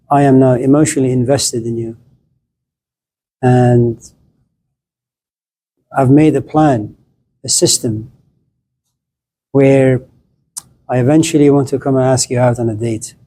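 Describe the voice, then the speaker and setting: Mellow-voiced playful male lecturer. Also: mid-range voice, slight background noise. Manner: playful, acts out little scenes. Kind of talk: classroom lecture.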